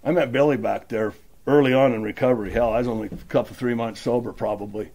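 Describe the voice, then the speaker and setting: An older man addresses a meeting in a meeting room, recounting his recovery in a plain, folksy manner that feels heartfelt and unpolished, full of everyday language. He talks fast in a steady, mid-range voice that's a little mellow and slightly rough.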